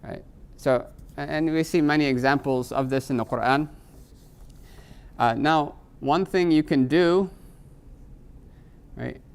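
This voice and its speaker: A man's voice: fairly high pitch, measured pace, long pauses, clear, resonant tone. A middle-aged man teaching Arabic grammar in a live class. He explains patiently, moves between English and Arabic terms, and keeps checking in with "right?".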